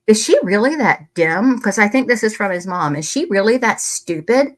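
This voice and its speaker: A woman talks to her viewers in a casual, heated way, blunt and quick to swear. She sits close to a desk microphone while she reads and reacts to messages. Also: medium pitch, sing-song. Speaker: true crime commentator. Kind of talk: casual commentary reading emails.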